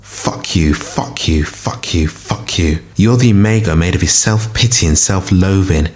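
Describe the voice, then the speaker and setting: A man's voice: deep voice, fairly quick, a little mellow, lightly acted. A man voicing a furious male shadow monster in a fiction reading, snarling and swearing.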